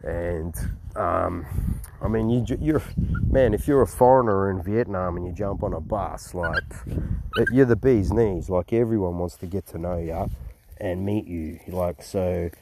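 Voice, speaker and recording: A man's voice: low-pitched, unhurried, vocal fry. Rambling, swearing Australian man. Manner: rambling and profane, with many restarts. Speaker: travel vlogger. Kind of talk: casual travel storytelling. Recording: noisy recording with clicks. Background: steady background noise.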